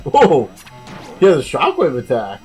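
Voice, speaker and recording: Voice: mid-range voice, huge pitch swings, unhurried, darkish tone, soft background music, low-quality recording. A let's play commentator chatting casually and rambling through gameplay, self-mocking.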